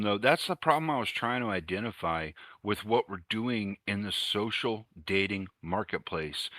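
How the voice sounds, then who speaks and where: Bright-voiced man ranting with profanity. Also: on the low side, no echo. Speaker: panel participant. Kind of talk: casual live stream chat.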